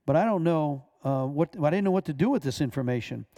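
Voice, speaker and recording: A man reads a testimony aloud in a measured way, stumbling now and then. His voice is gravelly and mellow, sitting a little high for a man. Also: expressive. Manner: measured reading with small stumbles. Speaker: minister.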